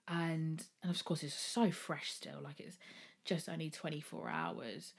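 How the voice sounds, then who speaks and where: A woman's voice: low-pitched, moderate pace, gravelly. A woman hosting a solo podcast, talking candidly and rambling, swearing freely as she goes. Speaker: podcast host.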